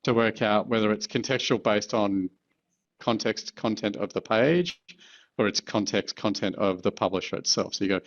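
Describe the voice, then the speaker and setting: A man working as an advertising executive, answering interview questions in a measured, thoughtful way with the odd filler. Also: fairly low pitch, highs cut off.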